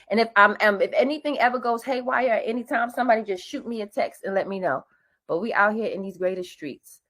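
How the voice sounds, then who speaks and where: A woman hosting a webinar, talking in a hype, casual way with slang and call-and-response greetings, over a computer mic on a video call. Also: mid-range voice. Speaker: webinar host. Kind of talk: lively webinar presentation.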